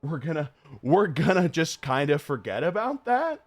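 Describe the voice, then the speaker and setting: A young man streaming a horror game live, rambling off on tangents with frequent swearing and laughter, and reading the on-screen text aloud quickly. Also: fairly high pitch, big pitch swings, no room sound. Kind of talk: live gameplay commentary.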